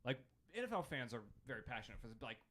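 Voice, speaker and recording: A man co-hosting a podcast, talking in an animated, jokey way with lots of fillers. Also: medium pitch, very fast. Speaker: podcast co-host. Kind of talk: casual chat.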